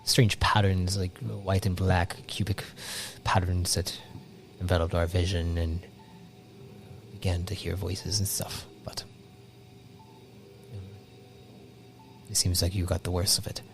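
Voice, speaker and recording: A man narrating as game master, halting with many restarts and fillers, laughing often. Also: low voice, level tone, gravelly, soft background music.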